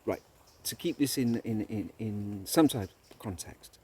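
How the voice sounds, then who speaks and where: A man's voice: fairly low pitch, a little mellow, a little hiss or hum. A man hosting a solo show, telling a parable and reading from his own book in a reflective, meandering way. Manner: slow, reflective, jumps between topics. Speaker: podcast host. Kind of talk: monologue with storytelling and book reading.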